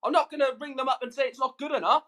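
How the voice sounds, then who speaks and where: A man's voice: very high-pitched, steady tone, very fast, bright, forceful tone. Furious swearing man ranting. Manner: furious, swearing, emphatic repetitions. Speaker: YouTube streamer. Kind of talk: angry livestream rant.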